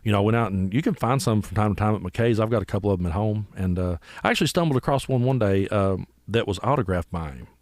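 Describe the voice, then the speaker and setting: Appalachian guy, musician, talks quick and low, tells stories animatedly, dry close mic. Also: dry recording. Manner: animated storyteller, acts out voices. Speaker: musician guest. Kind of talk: casual storytelling interview.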